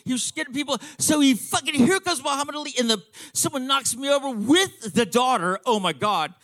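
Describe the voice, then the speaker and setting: A man in his fifties telling a comic story to an audience, excitable and profane, stumbling over restarts. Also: very high-pitched, fairly quick, no echo.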